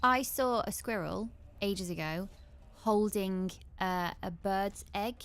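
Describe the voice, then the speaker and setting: A woman's voice: medium pitch, slow pace, a bit bright. A woman with a Coventry accent co-hosting a casual live stream, chatting in an easygoing way and giggling often. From Coventry, England. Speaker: stream co-host.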